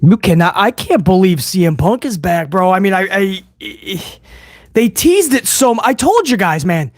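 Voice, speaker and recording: A man hosting a live wrestling reaction stream, talking casually and excitedly, swearing and calling his viewers bro. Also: sits high, moderate pace, dry recording, clean studio sound. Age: older adult fan. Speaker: livestream host reacting to wrestling.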